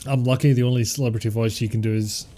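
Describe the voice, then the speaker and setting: A man's voice: medium pitch, fairly even intonation, fast, background noise. A British man giving casual gameplay commentary, dry and self-mocking, muttering to himself on a close compressed mic. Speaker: streamer. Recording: game music behind.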